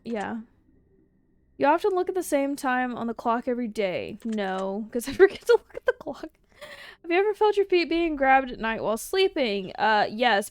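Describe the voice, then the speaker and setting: High-voiced laughing woman streamer. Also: no echo. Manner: laughs often, swears casually. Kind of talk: casual livestream chat answering viewer questions.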